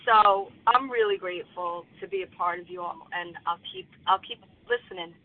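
A woman sharing at a twelve-step phone meeting, speaking in a halting, emotional way. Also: on the low side. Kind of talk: personal share on a phone meeting. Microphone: phone call. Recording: tinny phone line.

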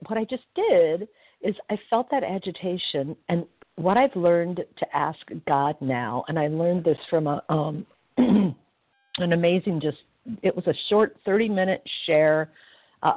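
A woman sharing reflectively at a recovery phone meeting, halting and self-mocking at times. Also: on the low side, no room sound. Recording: dry tinny phone line.

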